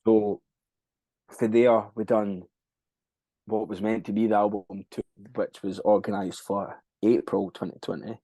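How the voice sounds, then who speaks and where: A man's voice: on the low side, little pitch movement, measured pace, mellow, no echo. Rambling, swearing Scottish man. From Scotland. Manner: rambling, swears freely, loses track of dates. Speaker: band frontman, podcast guest. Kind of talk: casual interview chat.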